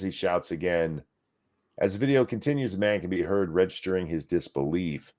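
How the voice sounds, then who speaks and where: Reading a news article aloud at normal speed, this podcast co-host has a low, darkish voice. He keeps interrupting the text with crude sarcastic asides and swearing.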